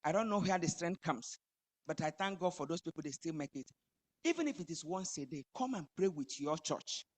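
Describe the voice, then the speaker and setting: A woman preaching a sermon, building emphatically to loud high climaxes. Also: animated, a little fast.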